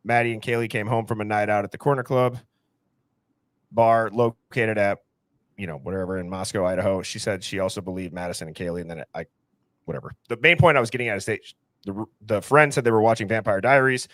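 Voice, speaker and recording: A man's voice: lowish voice, steady tone, fast talker, a bit bright, dry recording. A man hosting a podcast in a casual, conversational way. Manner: conversational, says he plays clips for the audience. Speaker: podcast host.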